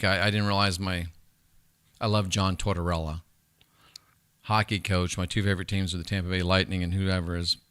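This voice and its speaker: Guy ranting on a livestream, swears a lot, chats right at his viewers, lowish voice with a forceful edge. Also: dry recording. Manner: profane, rambling, talks straight to chat viewers. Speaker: livestream host. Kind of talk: rambling casual livestream chat.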